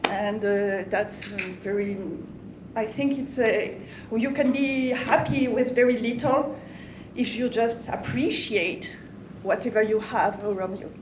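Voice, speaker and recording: A woman giving an impromptu club speech, laughing often and halting on fillers. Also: fairly high pitch, noisy background. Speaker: table topics speaker. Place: meeting room. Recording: echoey room, mic far off.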